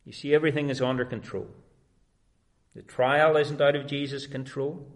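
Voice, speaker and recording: An earnest male preacher. He delivers a sermon at a middle pitch, stressing key phrases with emphasis. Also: steady tone, moderate pace.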